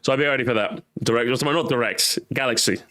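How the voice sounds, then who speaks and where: A man's voice: mid-range voice, fast talker, bright, forceful tone, faint music behind. A man in his thirties casually chatting and bantering with a friend on a live stream, teasing and swearing now and then.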